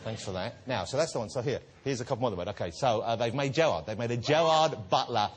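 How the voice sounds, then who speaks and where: A man hosting a TV chat show in front of a studio audience, playful and teasing, with soft r sounds that blur toward w. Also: mid-range voice. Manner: playful, teasing, quick to laugh. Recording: loud studio audience and noise.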